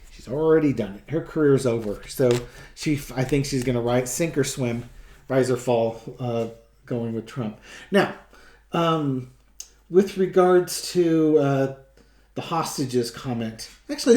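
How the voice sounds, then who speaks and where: A man's voice: medium pitch, darkish tone, roomy sound. A man giving a casual tarot reading, talking in a rambling, sarcastic way with many restarts. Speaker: tarot reader.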